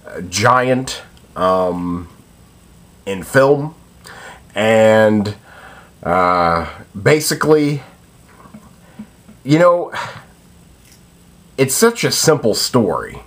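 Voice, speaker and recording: A young man giving a casual spoken film review, hesitant and full of ums and uhs. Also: on the low side.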